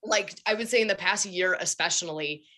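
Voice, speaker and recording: A young woman telling animated, chatty stories in a casual podcast conversation. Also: medium pitch, moderate pace.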